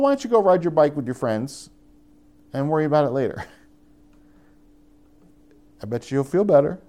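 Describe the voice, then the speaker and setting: A man's voice: mid-range voice, gravelly, dark tone. A young adult man preaching a conversational sermon as pastor, often rising into emphatic appeals.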